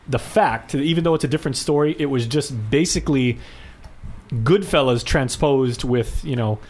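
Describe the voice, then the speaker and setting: A man's voice: a little high, darkish tone. A man co-hosting a casual movie podcast, opinionated and argumentative, with hesitant fillers. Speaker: podcast co-host.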